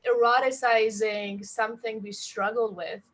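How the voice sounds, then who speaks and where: A woman co-hosting a webinar, explaining in a measured, guiding way with some fillers. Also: on the high side, fairly even intonation, rough recording. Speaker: webinar co-host.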